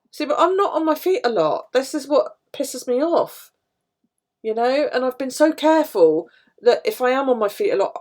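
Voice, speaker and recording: A woman's voice: mid-range voice, a little mellow. A middle-aged woman chatting casually on a live stream, telling stories and swearing freely. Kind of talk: casual chat while journaling.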